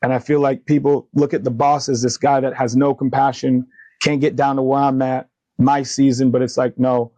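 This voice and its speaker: A man in his thirties speaks earnestly as a podcast guest, recounting his past and acting out conversations with lively energy. His voice sits at a middle pitch. The sound is dry and close, with no room echo. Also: normal speed. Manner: earnest, animated retelling of dialogue, faith-driven. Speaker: podcast guest, company founder. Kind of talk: candid interview storytelling.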